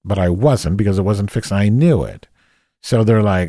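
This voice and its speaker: A man's voice: fairly low pitch, normal speed, dark tone, no echo, clean studio sound. A man telling a comic story as a rant, profane and exasperated. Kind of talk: comedic rant monologue.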